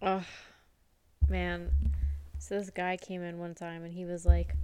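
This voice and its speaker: Young woman, smooth clear voice, dry sarcastic, close dry mic. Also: lowish voice, completely flat delivery, measured pace, pauses often, dark tone, no echo. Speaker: podcast co-host. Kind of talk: casual chat, storytelling.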